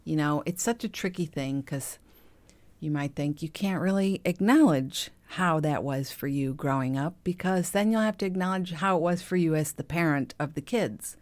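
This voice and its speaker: A middle-aged woman hosting a podcast, speaking in a gentle, confiding way that often drops to a soft hush. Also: low-pitched, normal speed. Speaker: podcast host. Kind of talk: reflective monologue.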